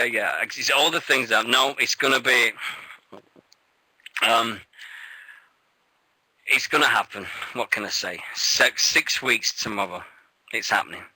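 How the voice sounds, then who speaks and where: Excitable swearing man with a bright voice. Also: mid-range voice, unhurried, long pauses, husky, poor audio. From England. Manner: excitable, rambling, swears freely. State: nervous, shaky. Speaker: radio show co-host. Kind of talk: casual radio chat.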